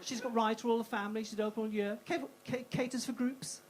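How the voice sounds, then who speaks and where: A woman performing a stand-up routine on a comedy club stage, with punchy, self-interrupting delivery and quick asides. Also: fairly high pitch, fairly even intonation, heavy background noise.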